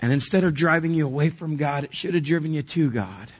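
A man's voice: on the high side, a little fast, breathy edge. A man preaching a sermon, telling a personal story vividly and acting out the dialogue before turning to earnest preaching. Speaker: pastor.

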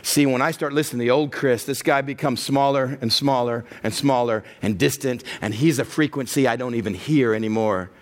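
A middle-aged male pastor preaching a sermon, acting out the inner voices he hears and building to a loud, passionate close. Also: mid-range voice, brisk, hardly any pauses.

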